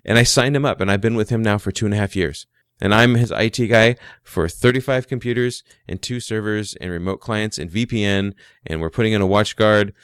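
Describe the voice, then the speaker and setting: A man's voice: fairly low pitch, fairly quick, clear, resonant tone, no room sound, clean studio sound. A man who runs a small IT business, casually telling a story and giving advice, chatty and often restarting his words. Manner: chatty, repeats words, acts out quoted dialogue.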